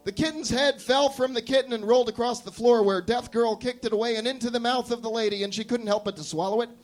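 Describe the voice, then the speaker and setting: A man, a performance artist, reading an absurd comic story aloud at a live café show in a deadpan storytelling manner. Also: very high-pitched, fast talker.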